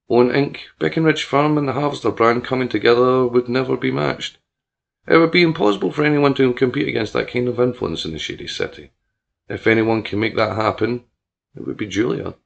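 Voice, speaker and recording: A man reading a scripted serial story aloud in an even, steady manner. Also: mid-range voice, a little fast, creaky.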